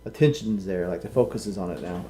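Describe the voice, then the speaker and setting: A man's voice: low-pitched, fast talker, warm tone, a little hiss or hum. A man co-hosting a live stream in casual chat, who tells a dad joke with a straight face. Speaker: podcast co-host.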